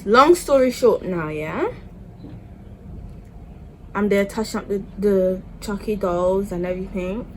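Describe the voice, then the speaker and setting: A young woman telling a storytime vlog, chatty and animated, often checking in with "yeah?". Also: medium pitch, measured pace, long pauses, slight background noise, low-quality recording. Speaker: vlogger.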